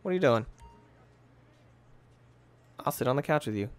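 A man's voice: mid-range voice, moderate pace, faint music behind. A man giving casual, jokey commentary while playing a video game, chatting to himself about what he sees. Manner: animated and jokey, talking to himself. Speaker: gamer commentating a let's play.

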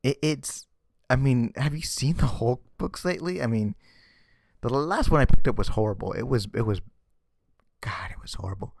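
A man's voice: mid-range voice, normal speed, vocal fry, darkish tone, no room sound. A man ranting sarcastically in a casual vlog commentary, exasperated and often stammering and repeating words. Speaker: vlogger. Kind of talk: ranting comic book commentary.

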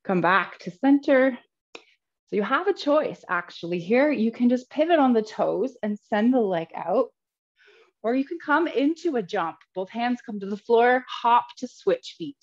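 A woman leads a live yoga class, cueing each pose step by step in a fairly high voice with lively intonation and an unhurried pace. She's a little out of breath and laughs at her own slips. The audio is slightly dull and lo-fi.

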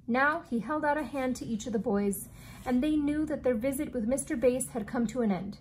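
A woman teacher reads a children's book aloud in a steady, clear storytelling voice. Her pitch sits a little high, with a faint hiss of noise underneath. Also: moderate pace.

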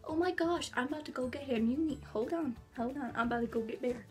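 A woman's voice: high voice, fast talker, faint music behind. A teenage girl chatting to camera in her bedroom, rambling and bubbly. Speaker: vlogger. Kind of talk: casual chat to camera. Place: bedroom at home.

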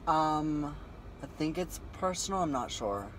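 A man's voice: on the high side, expressive, a little slow. A man vlogging on his phone about getting an oil change, talking anxiously and exclaiming a lot. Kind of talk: casual vlog. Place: in a car and an auto shop. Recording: noisy car and shop background.

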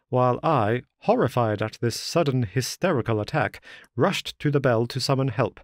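A man's voice: medium pitch, no room sound. Man reading a classic story, dry sound. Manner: measured storytelling. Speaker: audiobook narrator. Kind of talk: scripted narration.

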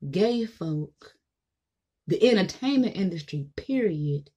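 A woman's voice: fairly low pitch, lively intonation, slow pace, dark tone, slightly rough. A woman vlogger giving a blunt, profane monologue to camera, mocking the people she talks about.

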